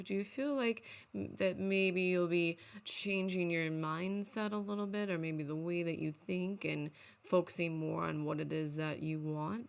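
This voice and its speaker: A woman's voice: fairly low pitch, creaky. A woman playing a life coach in casual comedic chat, earnest and encouraging.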